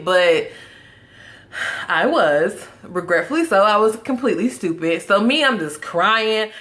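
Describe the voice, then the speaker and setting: A young adult woman telling a casual storytime monologue to her viewers, animated and profane, breaking into laughing asides. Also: on the high side, a little slow. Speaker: vlogger.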